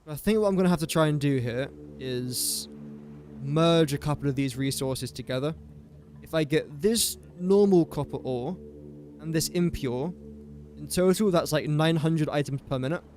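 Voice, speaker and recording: A man's voice: a little high, moderate pace, darkish tone, slight background noise. A man talking to himself in casual gameplay commentary, rambling and easily sidetracked. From England. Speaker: gaming streamer.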